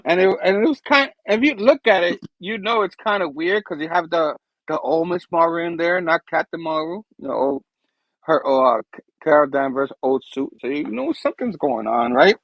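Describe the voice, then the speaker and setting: A man's voice: fairly high pitch, lively intonation, moderate pace, dry recording, dull audio. A man hosting a show, casually retelling a comic book with laughs and rambling asides. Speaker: host.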